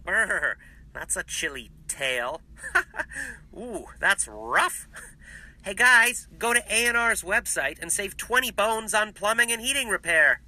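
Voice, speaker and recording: A man's voice: high-pitched, very animated, slow, bright, forceful tone, pitched above the performer's own voice, full character voice. A man voicing a silly, smart cartoonish male dog for a commercial, with a goofy, playful delivery. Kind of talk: commercial voiceover.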